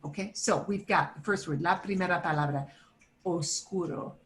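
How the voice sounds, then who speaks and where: A woman teaching a beginner Spanish class, slowly sounding out each word for her students to repeat. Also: fairly low pitch, slight background noise. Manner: slow, drawn-out modeling of words for students to repeat. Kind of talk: beginner language lesson.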